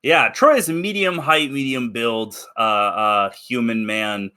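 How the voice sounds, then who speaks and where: A man's voice: mid-range voice, unhurried, bright, forceful tone, clear, resonant tone. A man narrating as game master, describing scenes in a rambling way with many restarts. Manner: rambling, full of fillers and restarts while describing.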